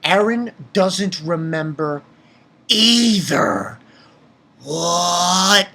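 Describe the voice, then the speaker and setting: Excitable swearing man, bright voice. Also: high-pitched, very slow, creaky. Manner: excitable, swears freely, reads scenes aloud. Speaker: manga reviewer. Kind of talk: casual spoken review.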